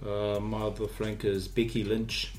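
A woman's voice: extremely low pitch, flat delivery, a little slow, a little mellow. A woman co-hosting a casual chat, joking around and swearing casually, often breaking into laughs. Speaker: podcast co-host.

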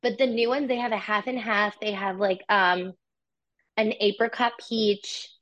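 A woman co-hosts a casual podcast, chatting playfully and filling her talk with likes and ums. Her voice sits at an ordinary pitch. The recording is a bit dull and lo-fi. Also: steady tone, a little slow, a bit bright. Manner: chatty, playful, lots of fillers. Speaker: podcast co-host. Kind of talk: casual chat.

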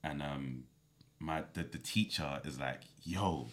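A young man, an actor telling stories as a guest in a casual podcast chat, animated and full of slang. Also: extremely low pitch, slow.

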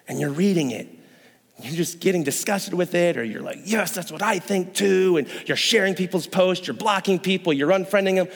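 A young male pastor preaches with a slightly high voice, keeping the sermon light with jokes and quick acted-out voices. His talk rings with a long hall reverb from the church room. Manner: joking, playful, acts out voices.

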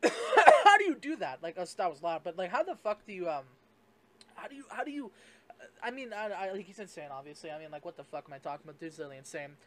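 Rambling high-voiced podcast guy. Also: expressive, quick pace, a little hiss or hum. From Canada. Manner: rambling, profane, full of fillers and restarts. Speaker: podcast host. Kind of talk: casual solo podcast rant.

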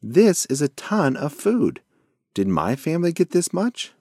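A man's voice: on the high side, big pitch swings, a little slow, darkish tone, husky, dry recording, clean studio sound, voice pushed up, exaggerated voice. A man voicing a curious, clever young female mouse in a bedtime story, in a lifted, eager voice.

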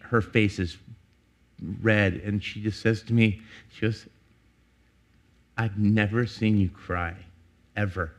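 A man's voice: lowish voice, fairly bright tone. A middle-aged man, a pastor, preaching in church in a candid, conversational way, telling a personal story with frequent restarts. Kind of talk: sermon.

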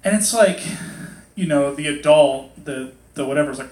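Male pastor, slightly high voice, loose chatty sermon, plays out quotes in voices, echoey hall. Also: expressive, normal speed, darkish tone. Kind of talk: casual sermon. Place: hot hall with a congregation.

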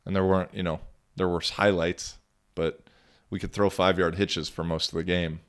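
A man's voice: sits low, flat delivery, normal speed, fairly bright tone. A young man hosting a casual solo podcast, telling a story in a laid-back, rambling way with casual swearing, sounding a little tired. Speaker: podcast host.

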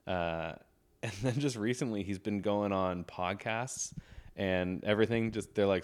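Young male podcast co-host, low voice, rambling and chatty, quick to laugh. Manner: rambling, laughs often, many restarts. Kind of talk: casual chat.

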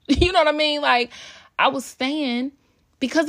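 Woman podcast host, 30s, frank casual talk, gravelly edge. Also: expressive, normal speed. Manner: candid, conversational, swears freely, quotes her kids in higher voice.

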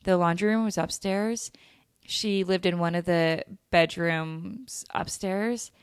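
A woman's voice: fairly low pitch, slow, clear, resonant tone, no room sound, clean studio sound. A young woman hosting a podcast, telling a story in a candid way, swearing freely and laughing as she goes. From lived in Utah. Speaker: podcast host. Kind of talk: casual storytelling chat.

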